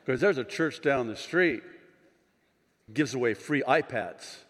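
A male pastor delivers a sermon at a deliberate, unhurried pace, his voice ringing with long reverb through a big conference hall. He drops into quiet, wry asides and then climbs into fervent shouts, slipping in jokes along the way. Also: mid-range voice, animated, slight background noise. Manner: swings from quiet asides to impassioned shouting, with joking digressions.

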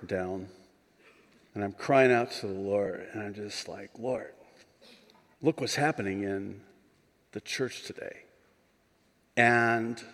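A male pastor delivers a sermon at a deliberate, unhurried pace, his voice ringing with long reverb through a big conference hall. He drops into quiet, wry asides and then climbs into fervent shouts, slipping in jokes along the way. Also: on the low side. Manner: swings from quiet asides to impassioned shouting, with joking digressions.

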